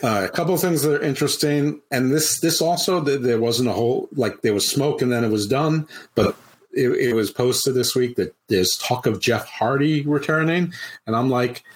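Podcast co-host, a man with a husky mid-pitched voice and dry wit. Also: normal speed. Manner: dry, wry asides. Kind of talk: casual chat.

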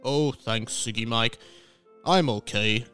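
A man's voice: mid-range voice, slow pace, bright, forceful tone, smooth, faint music behind, pitched below the performer's own voice. A man voicing a smug, callous old Santa Claus in an improvised comedy sketch. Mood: wistful. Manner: self-satisfied, dismissive, snaps insults.

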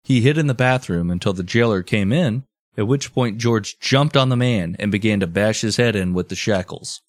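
Dry-miked relaxed male storyteller. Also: lowish voice, moderate pace, no room sound. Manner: relaxed storyteller, drifts into joking asides. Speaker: podcast host telling the story. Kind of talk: storytelling podcast chat.

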